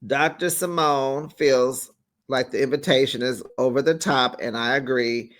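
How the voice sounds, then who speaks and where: A man's voice: mid-range voice, unhurried, fairly bright tone. A man giving casual recap commentary on a reality show, sassy and chatty, laughing often between remarks. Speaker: host of a reality TV recap channel.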